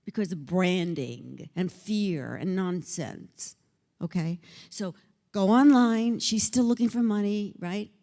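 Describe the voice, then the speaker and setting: A woman's voice: medium pitch, takes it slowly, mellow. An older woman giving a conference keynote, theatrical and teasing, acting out the voices she quotes. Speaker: keynote speaker. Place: conference hall before an audience.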